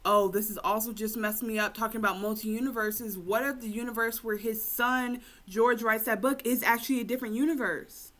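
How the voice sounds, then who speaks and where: A woman's voice: a little high, fairly quick, hardly any pauses. A woman co-hosting a podcast, recapping a TV episode in casual, slangy chat and acting out the characters' lines as she goes. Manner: animated, slangy retelling with acted-out quotes. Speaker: podcast co-host.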